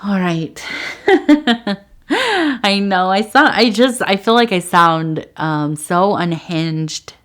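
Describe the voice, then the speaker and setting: A woman's voice: mid-range voice, expressive, slow, fairly bright tone. A woman reading tea leaves for her viewers, rambling and hesitant, earnest and affectionate, close to tears. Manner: rambling and hesitant, many fillers. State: emotional, on the verge of tears. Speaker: tea leaf reader. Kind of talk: casual spoken sign-off to viewers.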